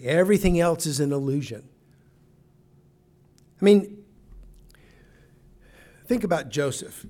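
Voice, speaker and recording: Earnest and emphatic, a pastor delivers a sermon in a darkish voice pitched a little higher than most men's. Pressing his point, he sometimes breaks off a phrase and starts it again.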